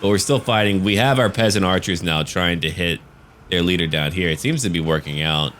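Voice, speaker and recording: A man's voice: deep voice, brisk, fairly bright tone, slight background noise. A man casually commenting on a strategy game battle, chatty and joking. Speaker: gaming channel host.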